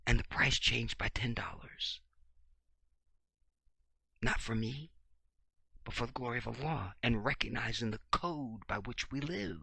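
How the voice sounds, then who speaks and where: Man, casual monologue, acts out dialogue, bright forceful tone, dry close sound. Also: medium pitch, unhurried, vocal fry, long pauses, breathy edge, no room sound. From Chicago, USA. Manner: animated storyteller, acts out dialogue, swings loud and soft. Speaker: video blogger.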